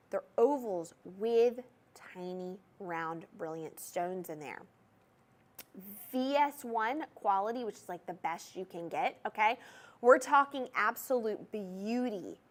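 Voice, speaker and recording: A woman with a Southern US accent pitches on a TV shopping show, her fairly high voice swinging up and down in lively swoops. She gushes and chats straight to the viewers, warm with sales energy and full of little asides. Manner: chatty, gushing, addresses viewers directly. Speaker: home shopping host. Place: TV shopping studio.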